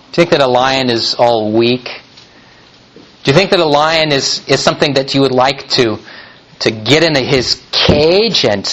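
A man preaching a sermon in a slow, deliberate way, now and then turning to speak directly to the children. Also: mid-range voice, fairly bright tone, low-quality recording. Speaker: pastor.

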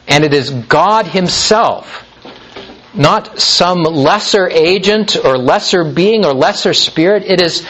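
A man preaching a sermon, reading scripture with slow, deliberate emphasis and frequent pauses. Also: a little high, a bit bright, rough recording. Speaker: pastor.

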